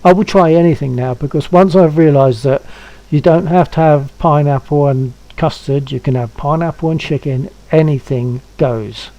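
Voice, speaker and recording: A man in his seventies hosts a stream, casually chatting and coaxing a friend to try something. His voice is on the high side and mellow, at a normal pace, and the audio is dry and poor in quality.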